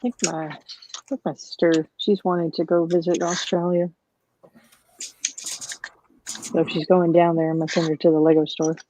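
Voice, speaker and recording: A woman's voice: fairly low pitch, flat delivery, moderate pace, pauses often, mellow, lo-fi sound, slight background noise. A woman co-hosting a live building stream who chats in an easygoing way and laughs often. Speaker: co-host. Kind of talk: casual chat while building.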